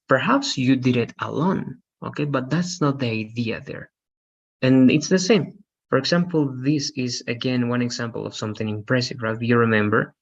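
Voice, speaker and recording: Gravelly-voiced male English teacher. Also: medium pitch. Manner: patient, repeats checks like "right?" and "okay?". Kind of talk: online class explanation. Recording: muffled lo-fi audio.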